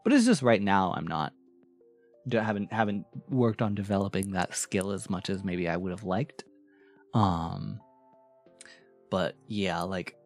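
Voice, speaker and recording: A man streaming in a casual chat, thanking followers, rambling through fillers and restarts, and laughing often. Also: deep voice. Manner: rambling, with frequent fillers and self-restarts, giggly.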